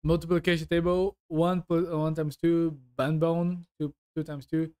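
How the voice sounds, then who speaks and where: A man giving casual, amused reaction commentary, with halting restarts. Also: on the high side, little pitch movement, dark tone, clean tone. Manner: laid-back, amused, halting. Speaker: reaction video host.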